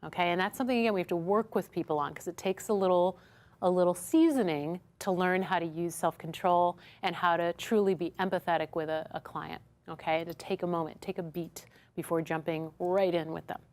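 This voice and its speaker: A woman's voice: fairly low pitch, fairly even intonation, brisk. A woman instructor teaching a workshop lesson to a small audience. She acts out customer dialogues as she goes and keeps checking in with "right?". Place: studio classroom with a small audience.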